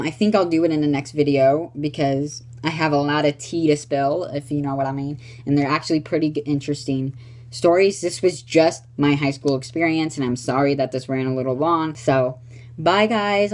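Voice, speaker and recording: A woman's voice: low voice, fairly even intonation, normal speed, darkish tone. A young woman in her late teens telling a story on her vlog in a sassy, blunt and profane way, calling people honey. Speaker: vlogger.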